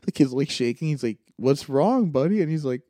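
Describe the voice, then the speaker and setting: A young man tells funny stories in a loose, casual chat and acts out the people in them. His tone is warm and mellow. The sound is dry, with no room echo. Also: on the high side, fairly quick. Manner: animated anecdotes, acting out quoted voices.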